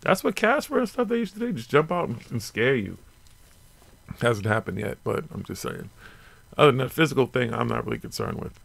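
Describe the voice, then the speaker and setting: A man's voice: mid-range voice, sing-song, brisk, vocal fry, a bit bright, no echo. A man co-hosting a live radio talk show, talking in loose, slangy casual chat full of fillers and curses. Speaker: co-host.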